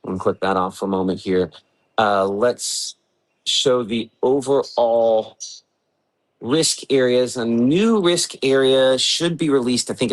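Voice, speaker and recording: Early in the morning at home, a man hosts a livestreamed severe weather briefing in a medium-pitched voice, though the audio is poor. He talks casually as he works the maps, thinking aloud with plenty of fillers.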